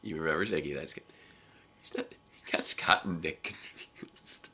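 A man's voice: rumbling low, moderate pace, sharp tone, slightly rough. A young man co-hosting a casual reaction chat, rambling and restarting his sentences and laughing often. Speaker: co-host reviewing episodes.

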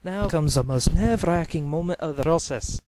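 A man's voice: on the high side, normal speed, very noisy. A man narrating a cartoon in a chatty, explanatory way.

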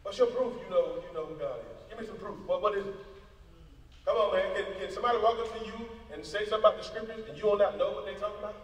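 A man preaching a sermon as pastor, in a lively, conversational style full of casual Southern phrasing. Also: high-pitched, rapid-fire, husky. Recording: long hall reverb.

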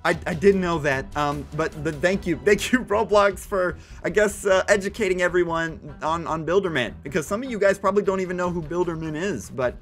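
A young man giving excited, breathless commentary while playing a video game, often repeating himself. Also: sits high, fairly quick, few pauses, soft background music. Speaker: gaming YouTuber.

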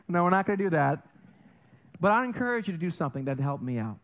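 A man pastor preaching a sermon, joking and animated, swinging between loud passages and soft ones, in a church. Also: a little high, a little fast. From German and Italian heritage. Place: church sanctuary.

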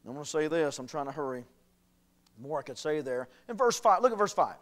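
A man preaching a sermon as pastor, swinging from quiet earnest talk to shouted emphasis. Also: a little high, lively intonation, fairly quick. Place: church sanctuary.

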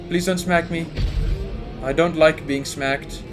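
A man's voice: fairly high pitch, steady tone, measured pace. A young man commenting on his game as he plays, panicking aloud and talking to his character and the monster. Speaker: gaming YouTuber. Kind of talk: let's play commentary. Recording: faint music behind. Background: game music.

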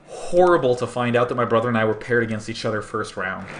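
A man's voice: medium pitch, lively intonation, fast. A young man recalling a tournament in earnest, conversational storytelling, with plenty of fillers. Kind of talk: reflective storytelling.

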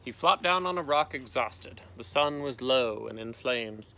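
A man, a teacher, reading a storybook aloud outdoors, with lively voices for the characters and a gentle sign-off. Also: medium pitch, measured pace, a little hiss or hum. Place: outdoors in a canoe.

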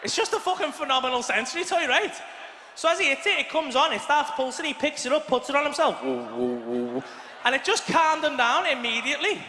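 A man's voice: very high-pitched, fast, bright, forceful tone, a little hiss or hum. A man in his thirties with an English accent, doing stand-up and telling a rambling, sweary story to an arena crowd. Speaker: stand-up comedian. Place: large arena stage. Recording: echoey arena, live audience.

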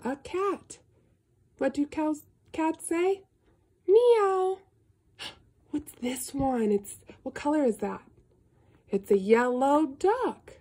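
A woman reading a picture book aloud to a young child, slow and sing-song, with gasps and animal sounds. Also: high-pitched, animated, dark tone. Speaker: storybook reader.

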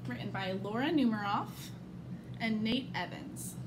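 A school staff member, a woman, reading a children's picture book aloud in an expressive storytelling manner. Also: on the high side, a little slow, noisy background.

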